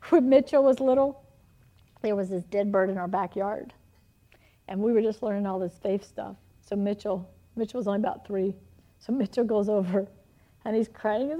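A middle-aged woman preaching a sermon, telling animated personal stories with frequent laughter. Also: mid-range voice, moderate pace, muffled recording.

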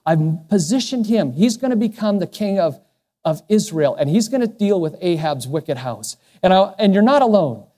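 A man voicing God as a calm, commanding presence reassuring a prophet in a slow, low, hushed way. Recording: long hall reverb.

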